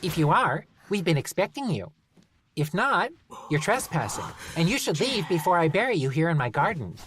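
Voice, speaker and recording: Talia, a haughty high-voiced gnome woman, as a reader puts her on. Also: big pitch swings, moderate pace, a bit bright, a little hiss or hum. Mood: blunt. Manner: haughty, blunt, matter-of-fact. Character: haughty bearded female garden gnome, blunt and macabre. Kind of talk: audiobook character reading.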